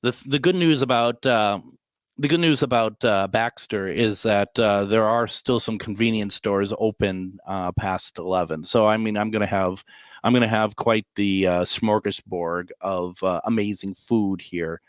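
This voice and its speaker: A male radio host with a lowish voice chats casually with callers from a hotel room. He rambles and jokes, stacking up fillers and restarts. The sound is close and dry. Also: steady tone, a little slow, dry recording. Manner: rambling, filler-heavy, joking. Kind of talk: casual call-in radio chat.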